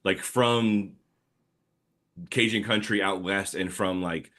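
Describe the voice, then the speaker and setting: Deep-voiced man. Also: takes it slowly. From New Orleans area, Louisiana. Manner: animated storytelling with laughs. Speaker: guest comic artist. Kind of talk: casual podcast chat.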